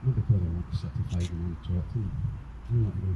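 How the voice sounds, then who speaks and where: A man giving an impassioned speech at a public rally, emotional and forceful, swearing now and then. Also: sits low, racing. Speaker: rally speaker. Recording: muffled, with background noise.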